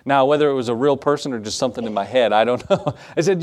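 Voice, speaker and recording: A man's voice: medium pitch, fast talker. A middle-aged man, a pastor, preaching a sermon that moves between scripture reading and folksy personal stories.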